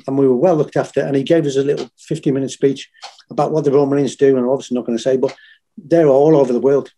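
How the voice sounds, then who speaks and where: A man in his fifties with a Liverpool accent, a former marine telling stories in a podcast interview, blunt and swearing freely. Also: medium pitch. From England. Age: 50s. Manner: blunt, swears freely, animated when quoting others. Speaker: interview guest, former Royal Marine and firefighter. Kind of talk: casual storytelling.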